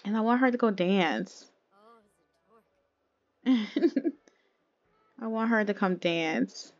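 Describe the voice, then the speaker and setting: A woman's voice: mid-range voice, slow. Chatty woman with a dull lo-fi sound. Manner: chatty, laughing, addresses viewers as y'all. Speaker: let's play host. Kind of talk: casual game commentary.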